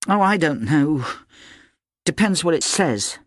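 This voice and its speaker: Guy doing a high sarcastic teen girl, sulky, storybook reading, lively. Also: slow, no room sound, studio quality.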